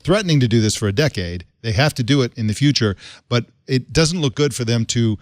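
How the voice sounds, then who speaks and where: A man's voice: mid-range voice, animated, brisk, no room sound, studio quality. Man explaining views on a panel. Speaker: panel guest. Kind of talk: casual panel chat.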